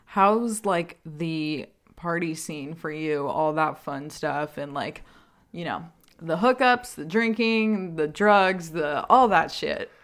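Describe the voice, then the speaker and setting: A woman's voice: deep voice, expressive, fairly bright tone. A young woman hosting a casual chat, teasing and chatty, filling her talk with "like" as she asks her friend questions. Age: young adult. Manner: chatty, teasing, quick to laugh, lots of "like". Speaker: host.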